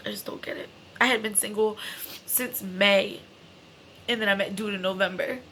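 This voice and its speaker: A woman's voice: mid-range voice, bright, forceful tone, slight background noise. A young adult woman telling a personal story in a casual, emotional way, swearing freely and filling her talk with "like" and "you know". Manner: emotional, candid, swears freely, heavy fillers.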